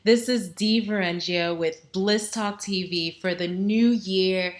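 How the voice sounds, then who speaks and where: A woman's voice: mid-range voice, steady tone, slow. A woman hosting a web talk show, chatting to camera in an upbeat, encouraging way with casual asides. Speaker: host.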